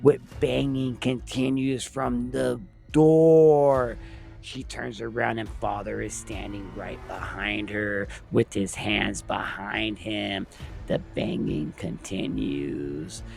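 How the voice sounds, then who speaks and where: A man's voice: lowish voice, steady tone, slow pace, vocal fry, darkish tone, soft background music. A man retelling a film's plot scene by scene in plain recap narration.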